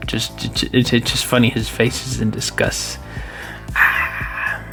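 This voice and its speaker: Gravelly-voiced man joking through card reviews. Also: mid-range voice, expressive, slow, over music. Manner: playful, addresses viewers as boys. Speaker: card collecting video host.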